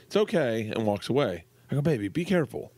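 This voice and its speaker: A middle-aged guest comedian tells stories in casual conversation, speaking fast in a mid-range voice. He's animated, acting out the people he quotes in shifting voices, and the recording is dry.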